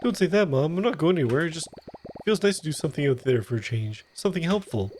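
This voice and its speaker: A man putting on a keen young bear in a video game, talking earnestly and quickly about helping out. Faint noise underneath. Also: fairly high pitch, animated, a little mellow, voice pushed up, close to an everyday voice. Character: eager young bear son.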